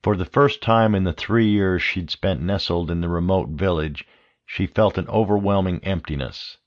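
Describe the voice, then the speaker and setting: A man narrating an audiobook thriller in a steady, measured reading. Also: low voice, dull audio. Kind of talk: scripted narration.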